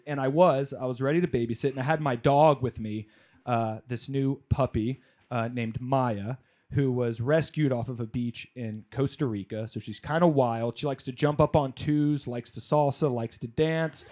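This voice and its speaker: This comedian's voice sits at a medium pitch and moves at a moderate pace. He's doing a stand-up set in a club, spinning animated tales, engaging the crowd and shouting out some of his punchlines.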